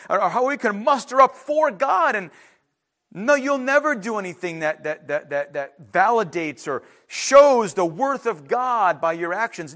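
A pastor with a high-pitched, slightly bright voice preaches a sermon emphatically but conversationally. He often restarts his sentences and makes asides to the congregation.

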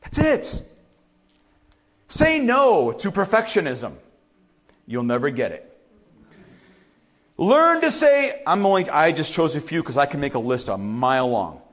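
A middle-aged man preaching a sermon as pastor, urging loudly one moment and dropping to quiet asides the next. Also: on the high side, moderate pace, long pauses. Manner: animated, swings from loud urging to quiet asides.

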